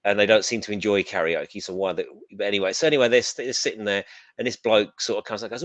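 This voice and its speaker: A man with an English accent co-hosting a casual pop culture chat, blunt and animated, slipping into silly voices to mimic characters. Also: on the low side, quick pace, dry recording. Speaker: co-host.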